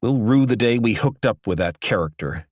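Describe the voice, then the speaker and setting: A man voicing a furious, hot-tempered middle-aged male executive who shouts and rages. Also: mid-range voice, lively intonation, moderate pace, no echo, clean studio sound, lightly acted. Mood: contemptuous. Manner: angry, shouting, raging.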